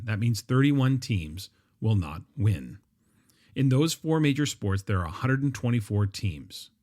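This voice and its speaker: Middle-aged guy doing his solo podcast, lowish voice, chatty with lots of ums. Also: darkish tone. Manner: conversational, with frequent fillers and restarts. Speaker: podcast host.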